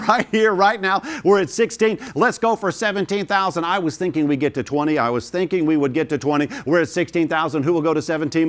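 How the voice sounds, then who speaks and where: A man running a live virtual charity auction, urging bidders on with energetic, rhythmic repeated bid calls. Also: a little high. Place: studio of a virtual gala broadcast.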